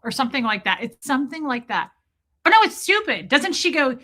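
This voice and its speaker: A woman hosting a casual live stream and chatting with viewers, animated and quick to laugh, swearing freely. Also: sits high. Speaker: live-stream host reading chat.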